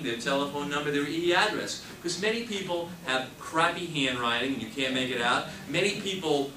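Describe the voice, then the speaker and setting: A man teaching a real estate sales class, emphatic and repeating his key points as he coaches. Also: a little high. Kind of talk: classroom training talk. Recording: echoey room, mic far off, noisy.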